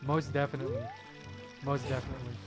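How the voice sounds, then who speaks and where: A man's voice: mid-range voice, flat delivery, fast talker. A young man from Belgium chatting with his viewers while gaming, friendly and prone to repeating himself. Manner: friendly, repeats his own phrases, talks to chat by name. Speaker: streamer. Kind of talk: casual chat while gaming. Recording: game music playing behind.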